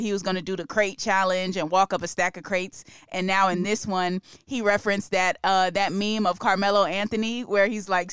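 A woman co-hosts a music show, her slangy, enthusiastic talk full of laughs. Her voice is smooth and resonant. The sound is dry and close. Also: mid-range voice, a bit bright, dry recording. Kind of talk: casual music chat.

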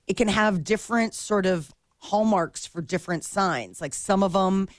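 A woman's voice: mid-range voice, moderate pace, no room sound, clean studio sound. A woman co-hosting a radio show, chatting casually with many fillers and easy giggles. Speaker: radio co-host. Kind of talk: casual morning radio chat.

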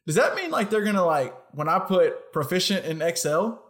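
Chatty young man, bright podcast voice. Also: high voice, sing-song, moderate pace. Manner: chatty, self-correcting, laughs often. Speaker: podcast co-host. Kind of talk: casual podcast chat.

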